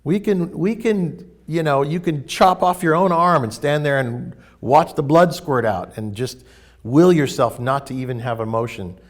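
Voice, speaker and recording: A man teaching in a casual spiritual talk, emphatic and animated as he tells stories. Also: a little high, measured pace.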